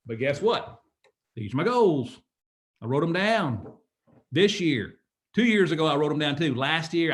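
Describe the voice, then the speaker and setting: A man in his fifties giving an emphatic, preachy motivational talk, often asking "guess what?". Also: medium pitch. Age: 50s. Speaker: motivational speaker.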